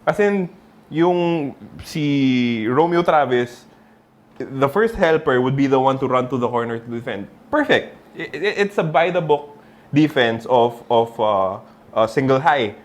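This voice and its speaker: A man with a Filipino accent co-hosting a casual basketball talk show, expressive and switching between English and Tagalog. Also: medium pitch, a little slow. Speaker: podcast co-host.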